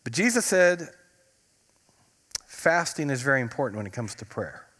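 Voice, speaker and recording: Folksy pastor preaching in a reverberant church. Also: male voice, medium pitch, very animated, moderate pace, a bit bright. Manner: folksy storytelling with humor and emphatic stretched words. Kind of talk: sermon. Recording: long reverb of a church sanctuary.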